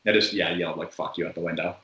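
Casual rambling man, bright echoey sound. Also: low-pitched, steady tone, rapid-fire, lo-fi sound. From Massachusetts. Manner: rambling, lots of fillers. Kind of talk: casual chat.

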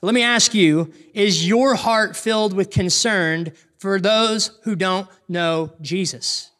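A man preaching a sermon in an earnest way, asking rhetorical questions and slowing down to stress key points. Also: sits high, fairly bright tone. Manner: earnest, asks rhetorical questions, slows down for emphasis. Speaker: pastor.

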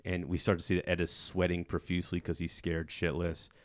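A man's voice: low-pitched, a little fast, no echo. A man hosting a podcast, animatedly retelling a movie plot in casual chat. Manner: animated storyteller, slips into character voices. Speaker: podcast host.

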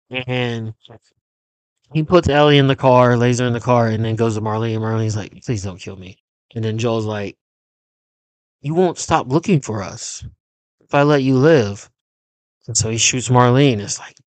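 A man's voice: medium pitch, clean tone, no room sound. A man hosting a podcast on his own, recapping a show in casual, rambling, profane talk. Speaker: podcast host.

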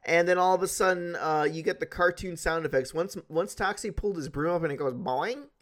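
A man with a slightly high voice chatting on a casual podcast. He tells stories in an animated way, swearing freely and laughing as he goes. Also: fairly quick. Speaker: podcast co-host.

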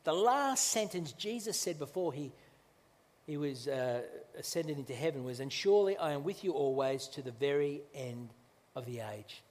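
A man's voice: a little high, expressive, darkish tone. Man preaching in a reverberant church hall. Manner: conversational preaching with restarts and emphatic slow phrases. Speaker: pastor. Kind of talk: sermon.

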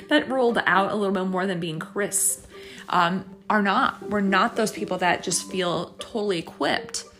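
A woman's voice: medium pitch, fairly bright tone. A woman hosting her own podcast, talking casually and encouragingly about faith, with lots of fillers and restarts. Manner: chatty and reflective, with many fillers and restarts; faith-based encouraging talk. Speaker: podcast host. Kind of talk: casual solo podcast monologue.

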